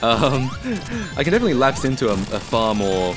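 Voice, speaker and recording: A man's voice: mid-range voice, wildly swooping pitch, moderate pace, over music. A man from Australia chatting casually on a live stream, rambling as he reads and answers the chat.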